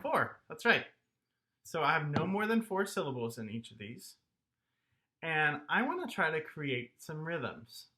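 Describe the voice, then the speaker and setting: A man's voice: on the high side, sing-song, a little slow, sharp tone. A man teaching an online music lesson to young children, encouraging and speaking straight to his students.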